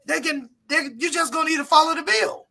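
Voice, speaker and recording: A man's voice: very high voice, fairly quick, creaky, bright, forceful tone. A man co-hosting a live talk stream, arguing his point bluntly in casual conversation and greeting viewers by name. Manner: blunt, repetitive, reads viewer comments aloud.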